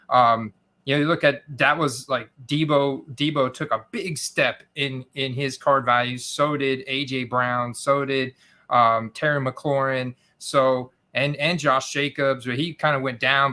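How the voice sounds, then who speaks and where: A man's voice: mid-range voice, pushed and bright. A man hosting a casual live-stream chat, rambling and stacking asides with "you know". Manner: rambling, stacks asides with 'you know' and 'uh'.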